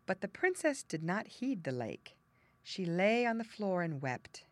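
A woman narrating a classic fairy tale audiobook in a measured, expressive reading. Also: fairly low pitch, dry recording. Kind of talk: storybook narration.

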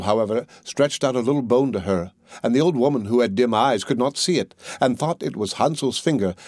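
A man's voice: mid-range voice, a little mellow, dry recording, studio quality. Man reading a fairy tale aloud. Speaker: narrator. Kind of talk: storybook reading.

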